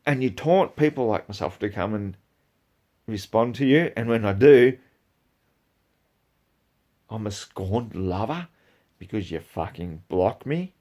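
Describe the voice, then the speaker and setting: A man delivering angry ranting commentary, profane and heated, swinging between low mutters and loud outbursts. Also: lively intonation, measured pace, pauses often. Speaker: video creator.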